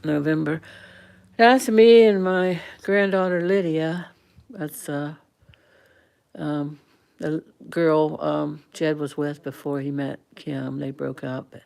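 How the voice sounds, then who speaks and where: A woman's voice: low voice, steady tone, takes it slowly, vocal fry, a little mellow. A woman in her sixties chatting casually to viewers on a livestream, rambling and chatty, full of fillers and restarts. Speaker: livestream host.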